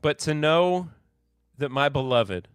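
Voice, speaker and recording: A man's voice: a little high, expressive, slow pace, clear, resonant tone, no echo, clean studio sound. A man hosting a casual live-stream whiskey podcast, reading new bottle labels aloud in a rambling, sarcastic, self-deprecating way. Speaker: podcast host.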